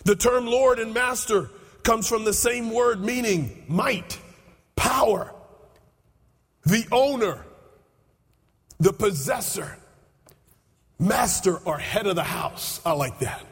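A man preaching a sermon as pastor, repeating his phrases and building up to shouts. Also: very high voice, measured pace, slightly rough. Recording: echoey hall with long reverb.

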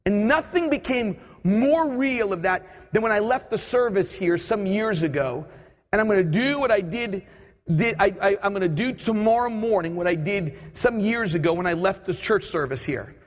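A man preaching a sermon, telling a personal story with animated asides and acting out his own thoughts. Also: high voice, moderate pace. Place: church service. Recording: reverberant church hall.

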